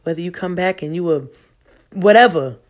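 A woman's voice: lowish voice, moderate pace. Woman preaching self-love, emphatic and profane. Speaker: vlogger. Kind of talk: casual motivational monologue.

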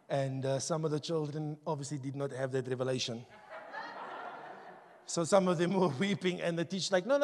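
Male pastor, high-pitched, passionate sermon delivery, long hall reverb. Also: animated, moderate pace, slight background noise. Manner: passionate, rising to shouts, conversational asides. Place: church hall.

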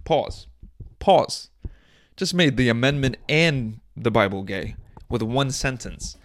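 On a small indoor set, a young man delivers a casual solo podcast monologue that's crude, joking and rambling, with bursts of mock outrage. His mid-range voice is expressive, unhurried and a bit bright.

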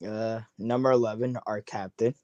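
A man calls into a sports chat and keeps his answers terse and short. His tone is mellow and dark, and the recording is dry. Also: fairly low pitch, steady tone, normal speed, dry recording, muffled recording.

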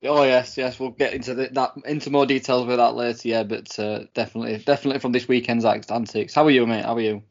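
A man co-hosting a podcast, relaxed and hesitant, often restarting his sentences. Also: mid-range voice, fast, few pauses, dull audio. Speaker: podcast co-host. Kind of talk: casual podcast chat.

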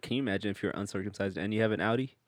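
Man, laid-back, teasing, lowish voice, dry close mic. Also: no echo. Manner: laid-back, quick to laugh and tease. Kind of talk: casual comedic chat.

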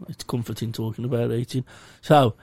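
A man's voice: medium pitch, steady tone, brisk, darkish tone, no room sound. A young man, rambling through a sweary, self-mocking story in casual chat. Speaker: podcast co-host.

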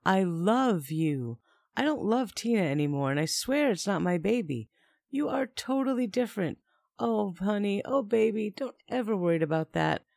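A woman's voice: medium pitch, expressive, normal speed, creaky, a little mellow, no room sound, clean studio sound, voice pushed up. A woman voicing a manipulative adult man who coos reassurances in a story reading. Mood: coaxing. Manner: coaxing, cooing reassurances.

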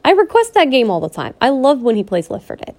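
A woman's voice: sits high, wildly swooping pitch, fast talker, darkish tone. A woman vlogger ranting in a personal vlog, pleading and upset, repeating herself and restarting her sentences. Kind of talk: emotional personal vlog rant.

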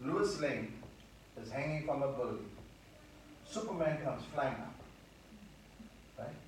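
A man's voice: mid-range voice, animated, slow, a little hiss or hum. A man preaching a sermon, earnest and repetitive, often restarting his words. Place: church hall. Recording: echoey hall from far off.

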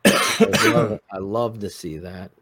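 Dude cohosting sports chat, slow-ish and up and down, cusses a lot, music in the back. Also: male voice, lowish voice, crowd noise. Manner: animated, swears freely, quick reactions. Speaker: co-host.

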